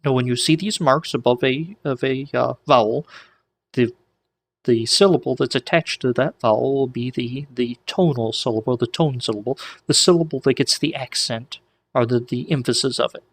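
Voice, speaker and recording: A man teaching ancient Greek in a relaxed, chatty lesson, with frequent restarts and small jokes. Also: medium pitch, moderate pace. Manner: relaxed, many restarts and asides, light joking. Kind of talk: casual whiteboard lesson.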